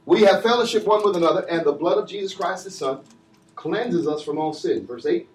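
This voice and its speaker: A man preaching a sermon and calling for responses from the congregation, swinging between shouted lines and low asides. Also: a little fast. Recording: echoey church from far off.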